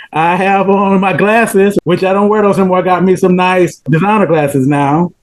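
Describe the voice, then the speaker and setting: High-voiced man with a Georgia accent. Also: moderate pace, rough recording. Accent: Southern US, Georgia. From Pelham, Georgia, US. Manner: animated, laughs often, repeats words when excited. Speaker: podcast guest. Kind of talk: casual storytelling interview.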